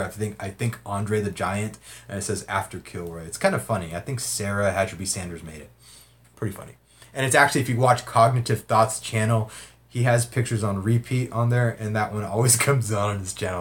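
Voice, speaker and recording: A rambling man chats casually on his livestream, reading out viewer comments. His voice sits a little low, and he laughs and swears freely as he talks. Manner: rambling, profane, laughs often.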